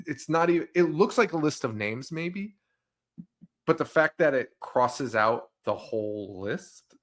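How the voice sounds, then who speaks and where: A man co-hosting a movie podcast in casual chat, joking and laughing often as he recaps scenes. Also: medium pitch. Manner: joking, laughs often, acts out silly quotes. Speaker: podcast co-host.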